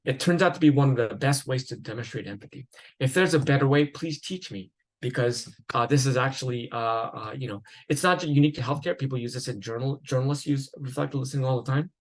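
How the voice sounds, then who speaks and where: A man's voice: mid-range voice, fast, low-quality recording. A man lecturing at a psychiatry conference in a conversational way, with fillers, restarts and the odd laugh.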